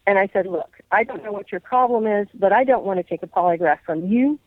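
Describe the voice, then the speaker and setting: A woman's voice: medium pitch, quick pace, no room sound, narrow, tinny audio. A woman guest on a radio interview, earnestly telling a long personal story and quoting what people said. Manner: earnest, recounts dialogue at length. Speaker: guest, whistleblower.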